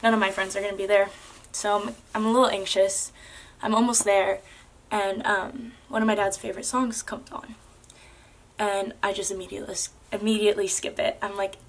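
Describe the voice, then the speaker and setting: A woman's voice: mid-range voice, flat delivery, normal speed. Earnest young woman telling a personal story. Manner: earnest, with many fillers like "like" and "um".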